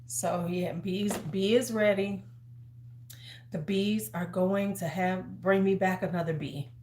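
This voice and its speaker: A woman's voice: mid-range voice, fairly even intonation, slow, a little mellow, slight background noise. A woman in her fifties hosting a casual livestream from home, chatty and sassy, handing out advice like a big sister. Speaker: host. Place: large room at home. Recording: roomy echo.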